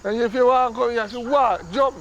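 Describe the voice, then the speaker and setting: A man's voice: very high voice, steady tone, fairly quick, dull audio, slight background noise. A man playing a playful, bragging young Jamaican boy.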